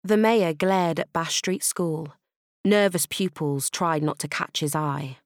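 A woman reading a children's audiobook with playful, expressive narration. Her voice sits slightly low. The recording is close and dry. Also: slow, dry recording.

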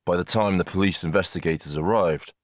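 A man reading an audiobook in measured, even scripted narration. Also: low voice, no room sound, studio quality. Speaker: audiobook reader.

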